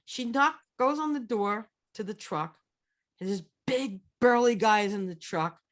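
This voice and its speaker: A woman's voice: medium pitch, measured pace. A woman co-hosting a casual chat, telling stories with lots of energy and restarts. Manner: animated storyteller, lots of restarts. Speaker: co-host.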